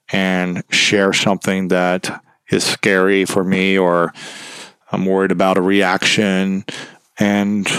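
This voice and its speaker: Man, podcast guest, self-reflective, low smooth voice, dry close sound. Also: no echo. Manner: candid, rambling, self-reflective. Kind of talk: conversational interview.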